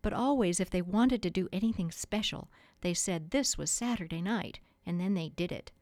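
Warm-voiced woman reading a children's classic. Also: lowish voice, moderate pace, no room sound. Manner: expressive, gently dramatic narration. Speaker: host.

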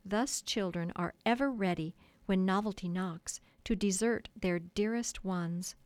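Her mid-range voice tells a children's classic for an audiobook, steady and expressive in a storytelling manner. She reads a script, captured with a dry, close studio sound.

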